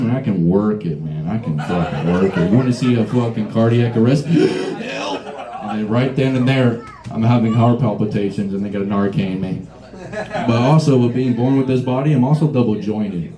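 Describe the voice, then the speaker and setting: A man's voice: mid-range voice, lively intonation, fairly quick. A young man performing a rambling, profane stand-up set at a small bar, riffing with the audience. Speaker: stand-up comedian. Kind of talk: live stand-up comedy set. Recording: echoey room with crowd noise.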